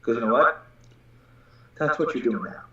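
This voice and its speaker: A man's voice: mid-range voice, animated, moderate pace, pushed and bright. Man, Taoist teacher, blunt, profane, casual podcast talk, very echoey room, muffled sound. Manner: blunt and profane, acts out quoted voices.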